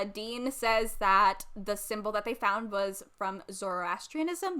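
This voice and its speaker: Giggly, bright-voiced Massachusetts woman. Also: fairly high pitch. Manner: giggly, rambling with many fillers. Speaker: podcast co-host. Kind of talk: casual chat.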